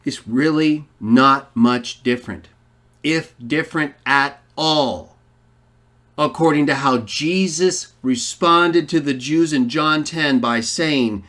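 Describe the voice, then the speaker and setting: A man's voice: fairly high pitch, takes it slowly, fairly bright tone. A man giving a polemical Bible lesson, arguing emphatically and posing rhetorical questions to his listeners. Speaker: online Bible teacher.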